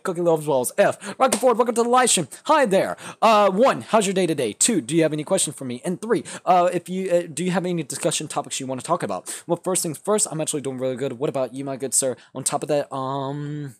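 A young man hosting a casual livestream, reading chat aloud and answering viewers, shifting from mumbled asides to loud excited outbursts. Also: on the high side, quick pace, hardly any pauses, no echo. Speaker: livestream host.

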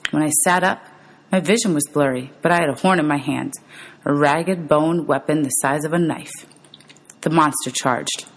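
A woman teacher reads a novel aloud to her students in steady storytelling and calls out the page numbers as she goes. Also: sits low, rough recording.

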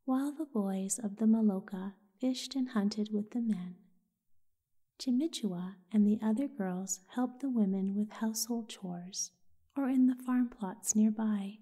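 A woman with a breathy, half-whispered voice, softly narrating a soothing bedtime story. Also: medium pitch, a little slow. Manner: soft, half-whispered delivery.

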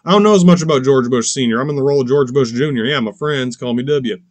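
A man's voice: medium pitch, quick pace, dry recording. A man hosting a podcast in a casual, profane rant, rambling with many restarts, asides and curses. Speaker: podcast host.

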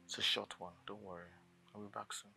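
A man with a Nigerian accent playing a smooth-talking, assured lover who coaxes his fiancée in a soft, half-whispered voice. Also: lowish voice, level tone, fast talker, poor audio. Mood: coaxing. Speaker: Doris's rich fiancé. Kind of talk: film drama acting. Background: soft guitar music.

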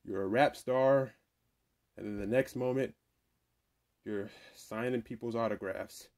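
A man talking in a comedy puppet sketch, dry and deadpan. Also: medium pitch, unhurried, dry recording.

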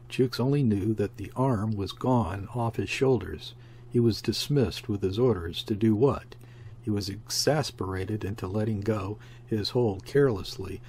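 A man narrating a classic sea story as an audiobook reader, in a steady, measured way. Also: fairly low pitch, slight background noise.

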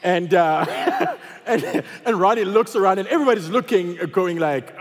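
A man preaching a sermon as pastor, telling funny stories in an animated way and acting out voices. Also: high voice, normal speed, long reverb tail. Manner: animated storytelling, acts out voices. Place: large church auditorium.

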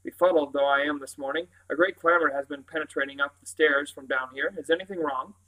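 A man's voice: a little high, steady tone, a little fast, pushed and bright, rough recording. A man doing a dignified, drowsy old great-uncle. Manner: clipped, formal muttering.

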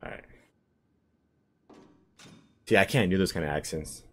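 Very deep-voiced casual gamer man. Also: measured pace. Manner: swears, chats with a viewer while playing. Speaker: gamer streaming a horror game. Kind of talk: casual gameplay commentary.

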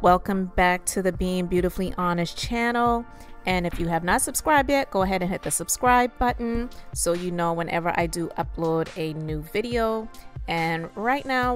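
A woman hosting her own channel, giving a measured, earnest commentary monologue that explains her views at length. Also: fairly low pitch. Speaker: YouTube channel host.

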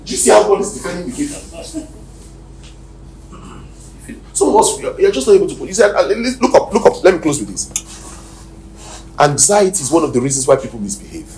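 Emphatic Nigerian pastor in an echoey hall. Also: male voice, high voice, very animated, fairly quick, pauses often. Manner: emphatic preaching, swinging from shouts to near-whispers. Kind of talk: sermon. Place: church hall. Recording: echoey hall, distant mic, faint noise.

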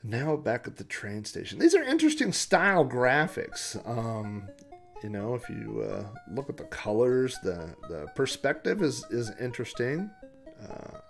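A man's voice: medium pitch, sing-song, measured pace, gravelly, soft background music. A man hosting a retro gaming podcast, joking and chuckling casually through his gameplay commentary. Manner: jokey, chuckling, breaks into silly character voices.

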